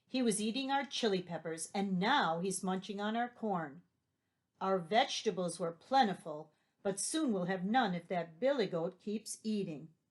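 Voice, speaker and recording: A woman's voice: medium pitch, expressive, moderate pace, lightly acted. A woman voicing a worried young girl in a storybook, pleading earnestly for help with her garden. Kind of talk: storybook read-aloud.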